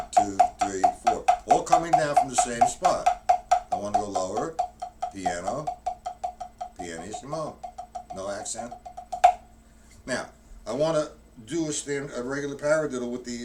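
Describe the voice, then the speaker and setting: A man giving a live-streamed drum lesson, counting strokes aloud and explaining technique in a rambling way with many restarts. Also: mid-range voice. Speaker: drum teacher. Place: room with drums. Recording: distant mic with loud drum hits.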